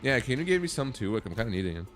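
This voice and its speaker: A man's voice: medium pitch, sing-song, very fast, fairly bright tone. A man streaming a game, reading its dialogue aloud and breaking off into blunt, swearing reactions. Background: faint game music.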